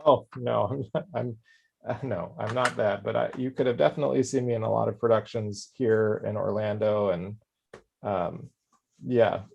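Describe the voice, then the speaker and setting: A man's voice: on the low side, steady tone, normal speed, gravelly, a little mellow, highs cut off, slight background noise. A man hosting a casual craft livestream, joking around and reading out viewer comments. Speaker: host. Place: Orlando.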